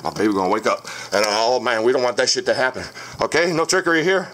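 A man's voice: mid-range voice, fast talker, fairly bright tone. A man hosting a home vlog, talking to the camera in a profane, combative way and scolding his commenters. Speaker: channel host showing haunted dolls. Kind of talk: casual vlog monologue. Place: home room with dolls and crib. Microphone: camera on a stand.

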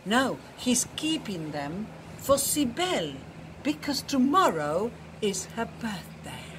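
A woman reading a picture book aloud to children, slow and expressive, dropping to a hushed, tender tone in the quiet passages. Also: on the high side, noisy background. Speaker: storyteller. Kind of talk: children's story read-aloud.

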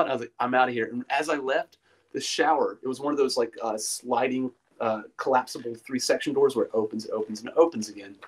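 A man's voice: medium pitch, slightly rough. A man guest on a podcast, casually telling a rambling ghost story with many fillers and restarts.

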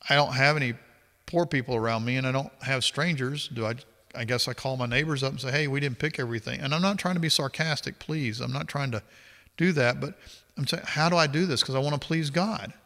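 A man in his fifties preaching a sermon, reading scripture aloud and then commenting in a lower, confessional tone. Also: fairly quick, bright, forceful tone. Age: 50s. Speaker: pastor. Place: church sanctuary. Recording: long hall reverb.

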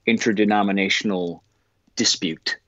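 A man, an actor guest in an interview, answering in a thoughtful, earnest way and often pausing to search for words. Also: fairly low pitch, fairly even intonation, fairly bright tone, dry recording. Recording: dull lo-fi sound.

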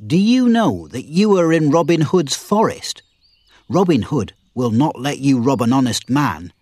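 A man's voice: big pitch swings, measured pace, no echo, studio quality. Much, a man voicing a fiery young miller. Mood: indignant. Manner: high-pitched, shouting when angry. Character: young male miller, bold and quick-tempered.

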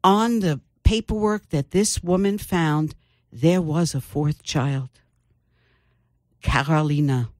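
An older woman, an author, telling her family story in an interview with thoughtful pauses. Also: low-pitched, a little mellow, no room sound, studio quality. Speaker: author guest. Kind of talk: interview conversation.

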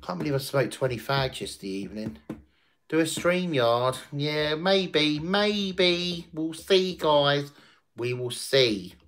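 Crude, swearing streamer. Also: male voice, fairly high pitch, expressive, slow pace, fairly bright tone. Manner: crude, swearing, boisterous and laughing. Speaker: livestream host. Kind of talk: casual livestream chat.

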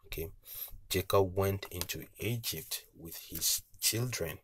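A man teaching a language lesson, patiently repeating each word slowly with tone cues, pausing often with uh and okay. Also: deep voice, breathy edge. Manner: frequent hesitations with uh and okay. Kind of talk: slow spoken language lesson.

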